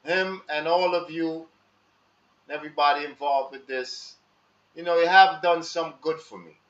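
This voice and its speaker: A man talking casually and slowly to his live audience in street slang, asking viewers for their advice. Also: on the high side, fairly even intonation, a bit bright. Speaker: live stream host. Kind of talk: casual monologue to live chat. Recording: echoey room, dull lo-fi sound.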